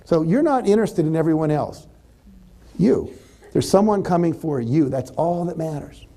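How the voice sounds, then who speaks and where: A man's voice: a little high, animated, normal speed, mellow. A man giving a conversational seminar lecture to a live audience, acting out example thoughts as he goes. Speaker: motivational speaker. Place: lives in California.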